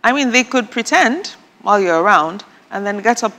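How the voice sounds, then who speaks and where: A woman guest on a talk show, chatting casually and telling lively stories with dry, sarcastic humor. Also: mid-range voice, moderate pace, big-room sound. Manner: animated storyteller, laughs often, dry sarcastic humor.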